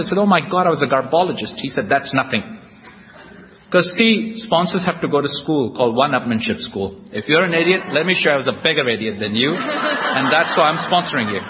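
A man at middle pitch tells his recovery story with wry, self-mocking humor, speaking to a live audience. His voice carries a long reverb from a large hall. The recording is dull and lo-fi, with clear background noise underneath. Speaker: guest speaker at a recovery convention. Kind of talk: humorous personal recovery talk.

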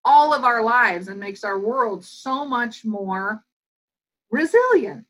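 Woman guest expert, lively explainer with a bright, slightly high voice. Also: poor audio. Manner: animated, fast-flowing explanations that act out quoted voices. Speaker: guest psychologist and educator. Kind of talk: podcast interview.

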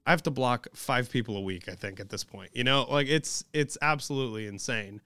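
A man's voice: medium pitch, brisk, no echo. A young man co-hosting a podcast, talking bluntly and casually, with the odd swear word. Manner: blunt, animated, swears freely. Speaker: podcast co-host. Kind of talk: casual chat.

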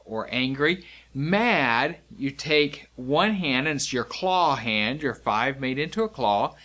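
Slow, patient male sign teacher. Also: mid-range voice, bright, forceful tone. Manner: slow, patient, demonstrating signs step by step. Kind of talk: instructional lesson.

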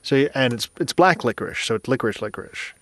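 A man's voice: medium pitch, lively intonation, quick pace, fairly bright tone, no echo. Man, podcast co-host, casual chat, laughs a lot, restarts sentences, dry recording. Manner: rambling, laughs often, stumbles and restarts.

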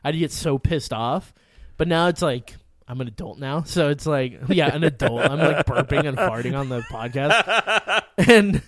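A man's voice: a little high, expressive, normal speed, a crowd in the background. A man co-hosting a casual podcast, rambling and laughing as he tells stories and acts out little voices. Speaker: podcast co-host.

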